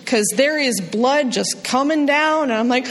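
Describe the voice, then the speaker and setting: Self-deprecating woman storyteller on stage. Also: a little slow. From New Jersey. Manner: self-deprecating, jumps high for quoted voices. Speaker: storyteller at a live show. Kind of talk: live comedic storytelling. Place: stage in a hall. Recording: long hall reverb.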